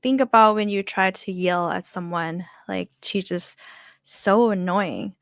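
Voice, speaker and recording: Slow-talking woman with a Thai accent. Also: mid-range voice, no room sound, studio quality. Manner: chatty, demonstrates tones with sung syllables. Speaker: language teacher. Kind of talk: casual online lesson.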